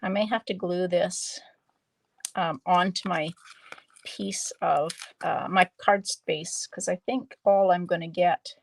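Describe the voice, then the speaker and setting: A woman demonstrating card-making on a live stream, chatting slowly and thinking aloud as she works. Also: fairly low pitch, steady tone, vocal fry. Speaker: stamping demonstrator.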